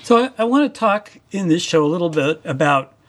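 A man hosting an interview, thoughtful and halting, often restarting his questions. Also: on the high side, expressive. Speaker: host.

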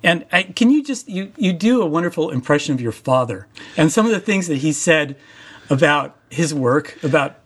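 Higher-voiced man, thoughtful interview host. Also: lively intonation. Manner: thoughtful, halting, many restarts.

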